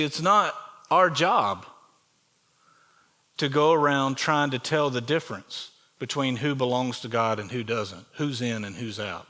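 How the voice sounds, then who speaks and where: A pastor with a Southern US accent preaching in a church sanctuary. His voice is bright and forceful, at a middle pitch for a man. He keeps it conversational and asks the congregation questions. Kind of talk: sermon.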